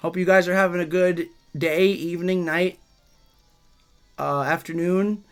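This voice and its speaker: A man's voice: high-pitched, steady tone, a little slow, smooth, soft background music. A man around thirty streaming a video game, casually chatting and teasing back as he reads and answers his viewers' messages. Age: 30s. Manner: playful, teasing, reads and answers chat aloud. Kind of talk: casual livestream chat while gaming.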